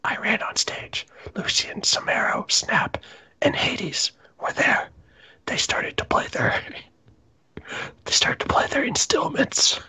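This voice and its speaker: A man doing a comedic, mock-dramatic reading of fan fiction, reading the punctuation aloud in a breathy half-whisper. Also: very high-pitched, very animated, slow pace, bright, forceful tone. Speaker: reader.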